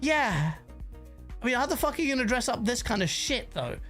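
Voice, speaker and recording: A woman's voice: fairly high pitch, sing-song, brisk, a bit bright, soft background music. A woman giving casual, rambling livestream commentary on gaming news, swearing freely and reacting to chat messages.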